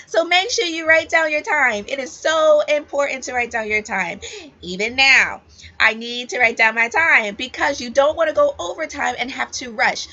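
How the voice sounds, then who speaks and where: A woman's voice: sits high, bright, forceful tone. A woman ESL teacher giving casual, emphatic advice to new teachers, repeating key points straight to the viewer. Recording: dull lo-fi audio.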